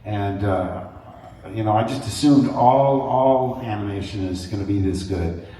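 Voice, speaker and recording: A man speaking as a guest on a convention panel, telling stories in an animated way, acting out voices and laughing often. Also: lowish voice, unhurried, slight background noise. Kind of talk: anecdotal storytelling to an audience. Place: large convention hall. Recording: echoey hall from far off.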